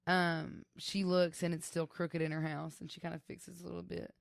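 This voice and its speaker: A young woman, co-hosting a casual podcast chat and telling a story with lively quoted voices. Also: fairly low pitch, normal speed, vocal fry, no room sound, studio quality. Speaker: podcast co-host.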